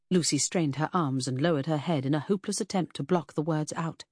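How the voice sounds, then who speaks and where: A woman reading an audiobook as narrator in a measured, even way. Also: deep voice, breathy edge, no room sound, studio quality. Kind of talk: scripted narration.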